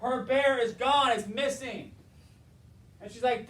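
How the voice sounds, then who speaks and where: A man's voice: very high voice, slow, a bit bright. A man telling a story in an impassioned motivational talk on leadership. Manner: impassioned storytelling, acts out characters. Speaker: motivational speaker, school board member. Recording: roomy, distant mic.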